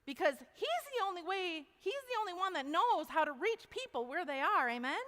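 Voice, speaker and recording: A woman giving an animated testimony talk to an audience, folksy, calling them y'all. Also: very high voice, a little fast. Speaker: speaker at a university event. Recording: long hall reverb.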